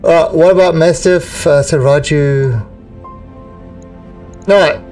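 An excitable man commentating a game live, joking and laughing between lines. His voice is somewhat high and the mic sits a little far away. Soft game music plays underneath. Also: slow. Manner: excitable, jokey, laughs often. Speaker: game streamer.

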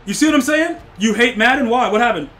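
High-voiced excitable male game streamer. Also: fast. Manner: excitable, swears, loud outbursts at the game; teasing banter with chat. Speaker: gaming streamer. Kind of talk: live game-stream chat with viewers.

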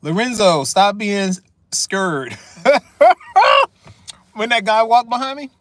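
A chatty, high-voiced vlogger from Newark, New Jersey talks directly to viewers while eating, in a casual food vlog. He's unhurried with lively intonation and a bit of brightness, slightly sniffly. There's no room sound, just faint wind noise from the windy parking lot outdoors.

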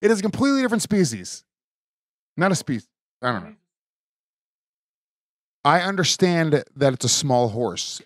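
A man's voice: on the high side, normal speed, pauses often, no room sound. A man hosting a podcast, retelling a sitcom episode in casual chat, swearing a lot and mocking his sister. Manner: profane, mocking, animated retelling with voices. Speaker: podcast host. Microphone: studio mic.

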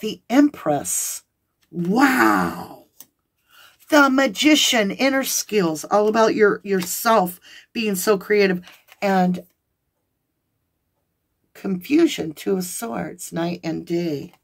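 A woman reading tarot cards for her viewers, excitable and gushing, talking straight to them. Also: mid-range voice, slow, pauses often. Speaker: tarot reader.

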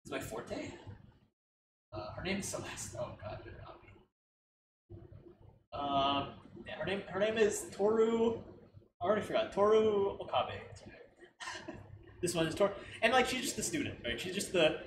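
A man's voice: high-pitched, animated, normal speed, pauses often. A man hosting a casual reaction video, thinking aloud in a rambling way with lots of fillers and laughter. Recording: roomy, distant mic with clear background noise.

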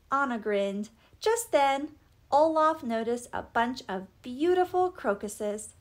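Animated woman reading a children's story. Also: sits high, slow pace. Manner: expressive and animated. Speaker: storybook reader. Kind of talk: read-aloud children's story narration.

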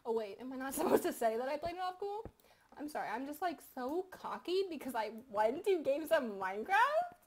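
A woman's voice: high voice, big pitch swings, brisk, a little hiss or hum. A young woman in her teens, rambling, swearing and giggling as she comments on a game she is playing at home. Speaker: gaming YouTuber. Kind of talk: casual gaming commentary.

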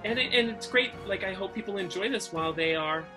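A man's voice: high-pitched, quick pace, over music. A man from Massachusetts hosting a podcast, chatting casually over a video call and wandering into self-deprecating tangents. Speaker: podcast host.

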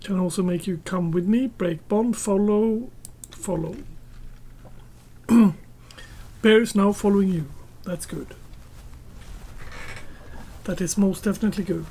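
A woman's voice: medium pitch, unhurried, long pauses, dark tone, breathy edge. A woman giving casual gameplay commentary, muttering to herself and chatting to her tamed pets as she plays.

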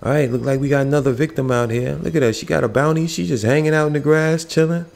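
A man's voice: a little high, fast talker, creaky, darkish tone, roomy sound. A man giving casual, slangy commentary while playing a video game, chatting to the characters on screen. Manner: laid-back, slangy, talks to game characters.

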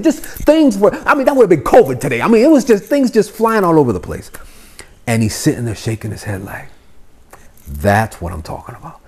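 A man's voice: mid-range voice, a little fast, slightly rough. A middle-aged man from Miami, of Cuban family, telling stories as a podcast guest in a loose, swearing style and acting out the voices. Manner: animated, swearing, acts out the voices in his stories. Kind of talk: casual storytelling chat.

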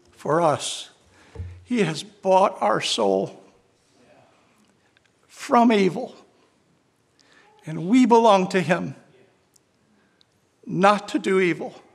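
A man's voice: high voice, gravelly, slightly rough. A man preaching a sermon as pastor, earnestly telling a story and quoting scripture. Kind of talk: sermon with read-aloud story.

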